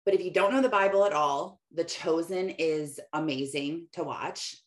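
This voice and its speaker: A woman's voice: low voice, moderate pace. Enthusiastic woman hosting a faith podcast. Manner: enthusiastic, chatty, full of "like" fillers. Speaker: podcast host. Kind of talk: faith-based morning podcast livestream, casual.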